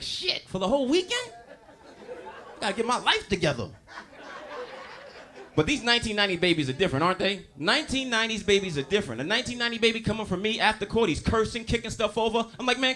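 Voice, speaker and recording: A man doing a stand-up comedy set, telling loud, animated, profane stories and working the crowd. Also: high-pitched. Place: comedy stage before a live audience. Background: audience laughter.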